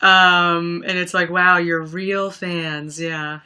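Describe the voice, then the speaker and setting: A woman's voice: fairly low pitch, little pitch movement, slow pace, hardly any pauses, sharp tone, clean tone. A young woman chatting casually on a livestream, telling stories with lots of fillers and laughs. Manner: chatty storyteller, many fillers, laughs often. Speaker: livestream host. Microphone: webcam or phone mic.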